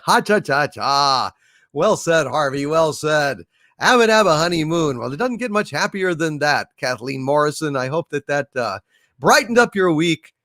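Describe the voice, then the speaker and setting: A man hosting a relaxed livestream, his voice sitting a little high and swinging widely up and down. He talks in a halting, jokey way, dropping "uh" after "uh" as he thanks viewers. The sound is close and dry, with no room around it. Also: no echo. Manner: hesitant, many filler "uh"s, jokey. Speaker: livestream host. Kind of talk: casual livestream chat, thanking donors.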